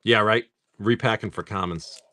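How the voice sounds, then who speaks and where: A man hosting a live stream, rambling casually, swearing freely, and reading off card names in quick lists. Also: fairly low pitch, steady tone, sharp tone, slight background noise. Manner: rambling, swears freely, laughs often at chat. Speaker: live-stream host opening card packs.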